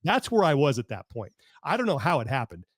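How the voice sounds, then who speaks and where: A man with a slightly high voice hosts a podcast over a video call. He talks in a dry, close sound and tells a long story with an animated, exasperated energy. He restarts his sentences often. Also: brisk, no echo. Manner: animated, exasperated rambling with self-interruptions. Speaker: podcast host. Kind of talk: casual storytelling chat.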